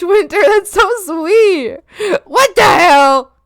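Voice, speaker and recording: A high-voiced woman streamer chats while drawing, playful and excitable, with silly bits and sudden shouts. Her pitch leaps all over the place, and she takes her time between phrases. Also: takes it slowly, no room sound, studio quality. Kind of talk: casual livestream chat while drawing.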